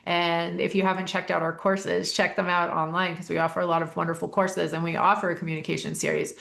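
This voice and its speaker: A woman's voice: lowish voice, level tone, quick pace, creaky, a bit bright. A woman life coach hosting an easygoing talk about communication, acting out short quoted voices as she explains. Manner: acts out quoted voices, restarts often. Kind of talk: casual educational chat.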